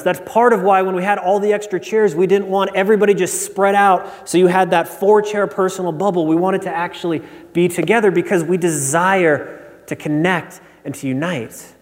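Male pastor, high-pitched, storytelling sermon in a reverberant sanctuary. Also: darkish tone. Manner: storytelling, acts out a joke with rising pitch. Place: church sanctuary. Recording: long hall reverb.

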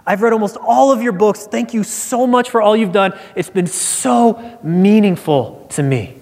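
A man voicing a starstruck male doctor who gushes like an excited fan, his voice pushed well above his usual pitch. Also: unhurried, creaky. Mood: gushing. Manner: excited, breathless fan gushing. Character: starstruck male doctor gushing over a hero. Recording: long reverb of a large hall.

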